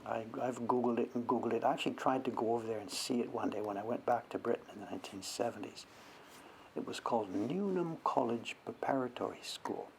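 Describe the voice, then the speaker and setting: A man's voice: mid-range voice, fairly quick, vocal fry, darkish tone, slight background noise. An older man from Canada chatting casually on a livestream, rambling as he works on a carving. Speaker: woodblock printmaker streaming live.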